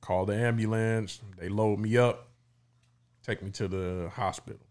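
A man's voice: on the low side, steady tone, a little slow, darkish tone. A middle-aged man co-hosting a podcast, telling his story in a loose, casual way with the odd swear. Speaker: podcast co-host.

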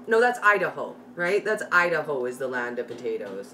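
A woman's voice: very deep voice, big pitch swings, fairly quick, hardly any pauses, fairly bright tone. A middle-aged Canadian woman hosting a live recipe tutorial from her home kitchen, chatting and greeting viewers by name. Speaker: live cooking host. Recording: slightly distant mic, faint background noise.

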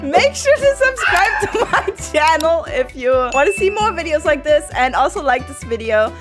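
High-pitched, excitable woman gaming host. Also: moderate pace. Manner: animated, gasping, joking slang. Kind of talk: excited gameplay commentary. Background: background music.

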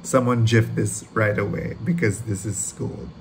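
Low-ish voiced guy gushing over a trailer, swears a lot, noisy mic. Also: unhurried. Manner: gushing, excitable, swears freely, rambles. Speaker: reaction video host. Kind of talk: casual trailer reaction.

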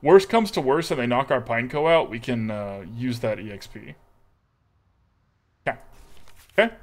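A man's voice: mid-range voice, normal speed. A man streaming a card game, chatting to viewers and thinking aloud through his moves in an exaggerated put-on accent. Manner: chatty, talks to chat and to himself while planning moves. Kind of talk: live card-game play commentary.

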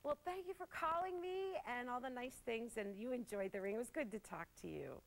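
A woman hosting a live TV shopping show, chatting warmly with callers and gushing over jewelry while laughing often. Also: fairly high pitch, fairly quick, vocal fry, low-quality recording. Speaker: shopping channel host. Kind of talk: live TV sales presentation. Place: TV studio.

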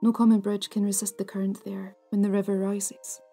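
A woman hosting a folklore podcast, narrating a ghost story in a hushed, half-whispered, deliberate way. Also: mid-range voice, level tone. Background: soft music.

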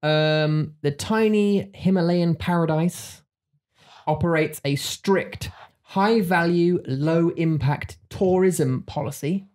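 A man from England with an English accent, co-hosting a casual chat podcast, talking haltingly with many restarts. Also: on the high side, a little mellow. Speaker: podcast co-host.

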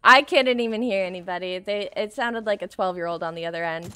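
A young woman doing casual commentary while playing a shooter game, excitable and screaming often, laughing and swearing between calmer stretches. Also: mid-range voice, a little fast, clean tone. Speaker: gaming streamer.

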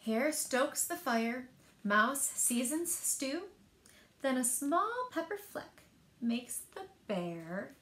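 A woman librarian reading children's picture books aloud in a rhythmic, expressive way. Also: sits high, slow. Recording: echoey room.

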